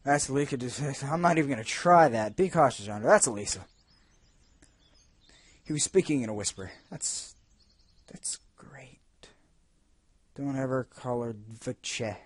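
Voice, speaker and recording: A man's voice: mid-range voice, lively intonation, normal speed, dry recording. A man reviewing a video game, reading its text aloud and breaking off into sarcastic, jokey asides. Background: faint game music.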